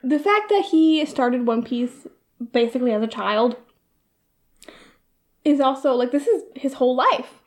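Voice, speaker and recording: Giggly woman rambling on a podcast, pretty high voice, keeps restarting sentences. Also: animated, unhurried, pauses often. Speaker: podcast co-host. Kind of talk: casual chat.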